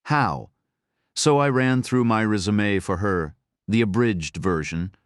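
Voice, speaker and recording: A man narrates a first-person thriller audiobook in a steady, matter-of-fact way. His voice is very low. The recording is close and dry, with no room sound. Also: a little slow, clear, resonant tone, dry recording.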